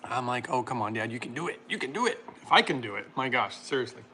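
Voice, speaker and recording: A man hosting a casual livestream, reading chat comments aloud and laughing often while making a smoothie. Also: medium pitch, animated, fast, sharp tone, slight background noise.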